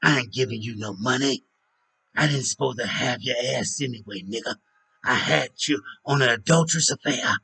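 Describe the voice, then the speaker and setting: A stingy mother scolds her grown son and refuses him money, as a man puts her on. She sounds blunt and dismissive, in a voice slightly deeper than his everyday one. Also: normal speed, pushed and bright, a little hiss or hum. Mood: scolding.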